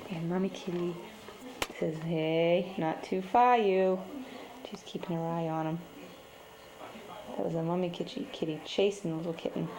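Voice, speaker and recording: A woman's voice: on the low side, little pitch movement, fairly quick, pauses often, roomy sound, low-quality recording. A woman filming at home, giving playful running commentary and talking to pets in a sing-song voice. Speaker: home video narrator.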